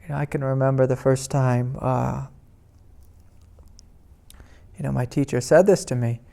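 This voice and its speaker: Gravelly-voiced spiritual teacher, gentle and rambling. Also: male voice, medium pitch, little pitch movement, brisk. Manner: gentle, rambling, many fillers. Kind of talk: talk at a meditation retreat. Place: indoor retreat meeting room.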